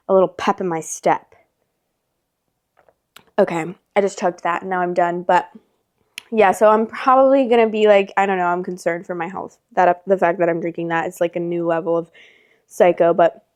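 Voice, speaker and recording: A young woman hosts a casual podcast from her home, talking in a loose, rambling way. She swears now and then. Her voice sits in an ordinary middle pitch. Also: darkish tone. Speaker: podcast host. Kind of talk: casual chat.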